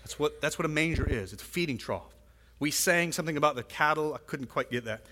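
A man's voice: fairly high pitch, animated, quick pace, sharp tone. A man preaching a sermon in a church, talking conversationally with frequent asides and "right?" checks to the congregation. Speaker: pastor. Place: church sanctuary. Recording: long hall reverb.

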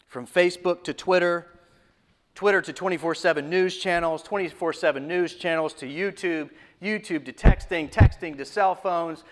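Male preacher, fairly high pitch, emphatic and repetitive with sudden hushed drops. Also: moderate pace. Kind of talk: sermon.

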